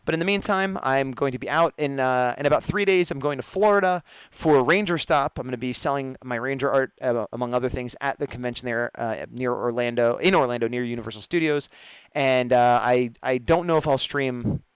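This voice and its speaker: A man's voice: mid-range voice, brisk, few pauses, clean tone, no echo, dull audio. A man chatting in a playful, easygoing way as he narrates his drawing on a live stream. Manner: playful and chatty, laughs at his own jokes.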